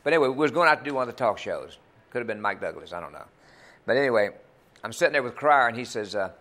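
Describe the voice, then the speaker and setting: Telling folksy, meandering stories as a TV interview guest, this older country singer who also owns a club speaks in a mid-range, slightly bright voice. His delivery is animated and rapid-fire.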